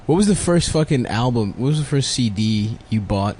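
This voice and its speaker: A man co-hosting a podcast, reacting quickly with animated, profane remarks. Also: medium pitch, a little hiss or hum. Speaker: podcast co-host. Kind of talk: casual banter.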